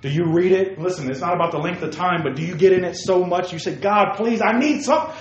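A man preaching a sermon to young people, lively, calling listeners by name and asking them questions, swinging from loud outbursts to hushed asides. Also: high-pitched, fast talker, echoey room, highs cut off. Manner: addresses listeners by name, asks rhetorical questions. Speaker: youth preacher.

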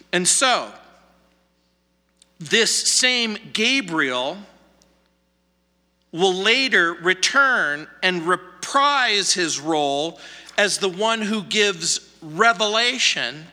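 High bright male pastor, slow careful delivery, lots of "is that the meaning here" type questions, long reverb tail from the sanctuary. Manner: poses rhetorical questions and answers them; emphatic repetition for stress. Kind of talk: verse-by-verse sermon. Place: church sanctuary.

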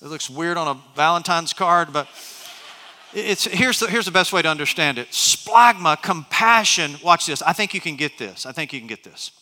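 A man's voice: a little high, lively intonation, normal speed, pushed and bright, big-room sound. A middle-aged man preaching a sermon as pastor, telling stories with many restarts and asides. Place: large church hall.

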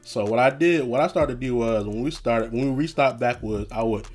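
A man's voice: mid-range voice, a little fast, a little mellow. A young man hosting a casual solo podcast, talking in a laid-back, profane way and laughing often. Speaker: podcast host.

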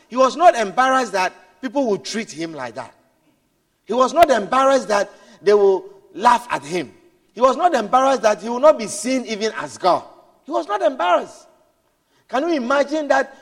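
A man preaching a sermon, swinging from hushed storytelling to shouted exclamations, repeating words and adding hallelujah and amen. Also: extremely high pitch, animated, normal speed, vocal fry. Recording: long hall reverb.

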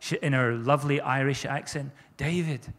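Higher-voiced preacher in a reverberant hall. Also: male voice, unhurried. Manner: fervent, repeats phrases for emphasis. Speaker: pastor. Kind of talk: sermon.

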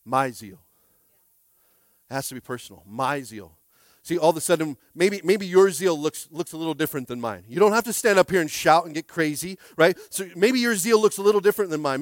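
A male pastor delivering a sermon, casual and conversational, who moves between loud calls and quiet asides and keeps asking the congregation for a response. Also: on the high side, fast talker, hardly any pauses, no room sound. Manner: animated preaching, swinging from shouts to quiet asides; casual, conversational phrasing with frequent restarts.

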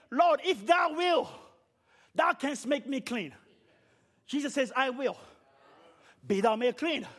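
A man delivers a fiery sermon, shouting rhetorical questions over and over, then sinking into quiet, low passages.

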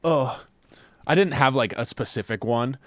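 A man's voice: mid-range voice, moderate pace, no room sound. A young man co-hosting a casual chat, chiming in with short jokes and quips. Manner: short joking interjections and quips.

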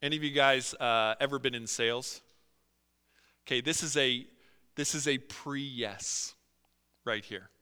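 Bright, animated male preacher in a hall. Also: mid-range voice, a little slow, pauses often, clear, resonant tone. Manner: animated, acts out quotes, many fillers. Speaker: pastor. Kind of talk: sermon. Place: church sanctuary. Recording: long hall reverb.

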